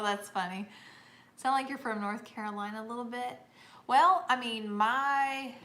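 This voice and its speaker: Here a middle-aged livestream host from Northeast Georgia reads viewer comments in her Georgia accent, chatting casually and laughing often. Her voice is medium-pitched with a sharp tone.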